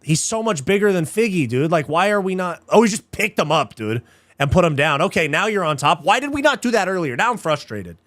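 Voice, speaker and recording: A young man commenting live on a fight as host, excitable and easily frustrated, swearing casually and calling people dude and bro. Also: fairly high pitch, brisk, dry recording.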